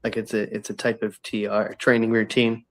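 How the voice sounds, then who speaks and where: A man who is a guest on a casual chat, talking in a relaxed, supportive way and hesitating with fillers. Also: on the low side, fairly quick.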